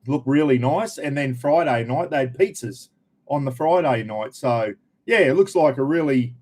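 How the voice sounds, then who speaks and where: A man's voice: on the high side, darkish tone. A middle-aged Australian man hosting a casual live stream, chatting away and greeting viewers by name.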